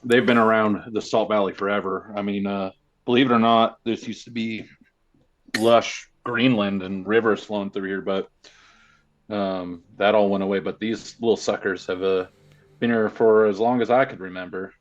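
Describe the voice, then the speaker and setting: A man voicing a weathered local who has lived in a desert valley for a long time, talking in a relaxed, rambling way. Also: on the low side, moderate pace, close to an everyday voice. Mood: reminiscing. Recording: dull lo-fi sound.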